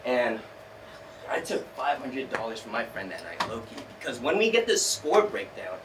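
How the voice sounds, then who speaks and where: A young man from California telling a story live on stage, animated and self-mocking, acting out the people he quotes. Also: mid-range voice, moderate pace, background noise. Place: small theater stage. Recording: roomy theater sound from a distance.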